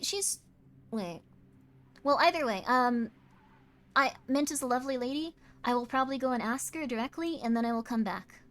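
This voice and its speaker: A tired woman streamer chatting casually while doing tarot readings, talking in quick self-interrupting bursts and apologizing often. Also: fairly high pitch, fairly bright tone. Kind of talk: casual live-stream chat.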